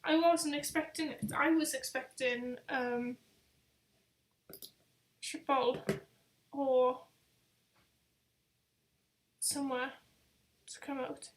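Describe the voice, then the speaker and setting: A woman's voice: high-pitched, fairly even intonation, takes it slowly, pauses often, a little hiss or hum. A young woman hosting a casual live travel quiz, chatty and rambling, with self-deprecating asides. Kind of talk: casual live-stream chat.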